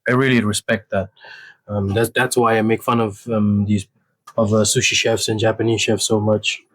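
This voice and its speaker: A man rambling deadpan while he cooks at home, halting with lots of fillers and restarts. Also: lowish voice, no echo. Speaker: home cook vlogger. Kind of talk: rambling casual monologue while cooking. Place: home kitchen.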